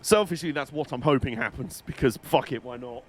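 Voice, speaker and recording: Streaming a game, this young man banters with his viewers at a brisk clip in a mid-range voice. He's talkative, foul-mouthed, and drily funny.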